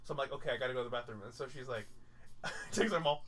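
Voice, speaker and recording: Fast-talking young man telling a story. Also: mid-range voice, a little hiss or hum. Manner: animated, heavy filler and swearing. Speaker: podcast co-host. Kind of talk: casual storytelling chat.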